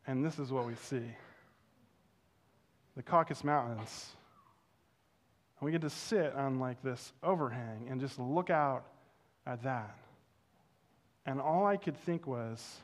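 A young man preaching a sermon, telling a personal story with animated swings between loud, excited passages and hushed, reverent ones. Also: a little high, a little slow, long pauses. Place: church.

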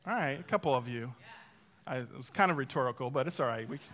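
A man preaching a sermon. He tells stories and talks straight to the congregation with asides, swinging from loud emphasis to hushed, intimate moments. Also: medium pitch, lively intonation, quick pace, slight background noise. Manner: speaks to the congregation directly, with asides. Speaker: pastor.

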